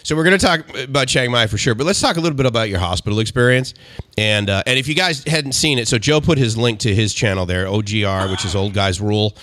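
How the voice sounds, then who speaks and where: Bright-voiced man joking on a live stream. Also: medium pitch, fast, no room sound. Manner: upbeat, joking, steering the conversation. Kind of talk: casual chat.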